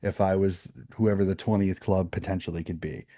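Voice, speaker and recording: A man's voice: low voice, steady tone, brisk, dark tone, dry recording, studio quality. A man co-hosting a sports podcast, chatting casually and rambling through opinionated points with frequent restarts. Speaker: podcast co-host.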